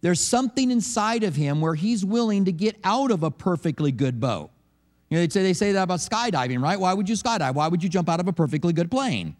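Middle-aged male pastor, light high voice, chatty sermon with acted-out quotes. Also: a little fast. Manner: conversational, animated storytelling with acted quotes. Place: church service.

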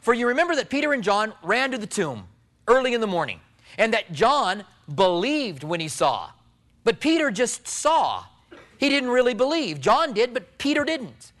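High-voiced man preaching a sermon. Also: very animated, moderate pace. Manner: storytelling, swings from loud emphasis to low hushed tones. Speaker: pastor.

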